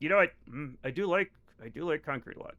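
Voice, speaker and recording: Here a livestreaming gamer talks fast in a slightly high, bright, forceful voice with lively intonation, though the recording clips the highs. He chats casually with viewers as he plays, wandering off topic, swearing, and joking.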